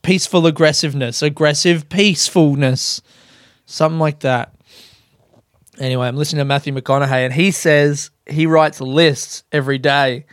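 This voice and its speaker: A young man chatting solo, candid and self-mocking, with swearing sprinkled through. His voice is smooth and clear, sitting a bit higher than most men's. The sound is dry and close. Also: steady tone, normal speed, no room sound. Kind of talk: casual solo chat.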